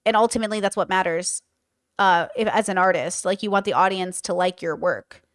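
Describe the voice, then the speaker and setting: A woman's voice: mid-range voice, fairly quick, no room sound, clean studio sound. A young woman giving casual, opinionated commentary with many fillers as host of a reaction show. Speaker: host reacting to a podcast clip.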